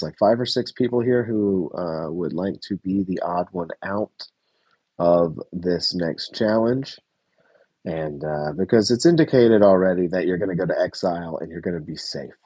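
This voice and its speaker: An American man with a low, slightly mellow, husky voice casually reviews a reality TV episode, with no room sound in the recording. He rambles in this reaction chat, corrects himself, swears now and then and chuckles.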